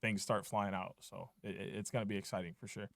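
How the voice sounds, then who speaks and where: A young man co-hosting a sports podcast, chatting casually with quick, sarcastic asides. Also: fairly low pitch, fairly even intonation, vocal fry, no room sound. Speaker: podcast co-host.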